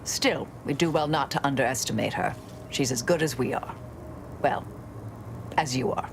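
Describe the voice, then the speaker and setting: A wry tactical companion. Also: female voice, extremely low pitch, normal speed, noisy background. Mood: cautious. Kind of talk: video game voice acting.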